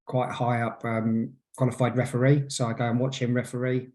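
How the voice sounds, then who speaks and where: Brief: man, forties, rambling guest, um-heavy anecdotes, mid pitch. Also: little pitch movement, brisk, darkish tone. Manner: hesitant, filler-heavy storytelling. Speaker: guest, hypnotherapist. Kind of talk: casual podcast interview.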